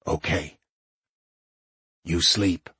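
Guy doing a worried caring boyfriend, husky low voice, slow and gentle. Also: no echo, heavily acted. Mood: soothing. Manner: calm, reassuring. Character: caring worried young man, steady.

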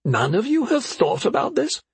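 A woman's voice: deep voice, lively intonation, moderate pace, breathy edge, no echo, pitched above the performer's own voice, exaggerated voice. A man reading an audiobook, voicing a worried middle-aged mother who questions her son sharply and skeptically. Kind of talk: audiobook character voice.

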